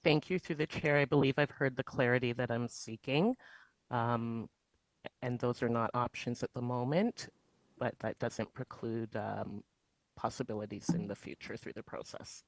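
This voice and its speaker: A woman's voice: very deep voice, steady tone, moderate pace, dry recording, low-quality recording. A trustee at a formal school board meeting, carefully asking for clarification and restating her question. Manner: careful, repeats requests for clarity.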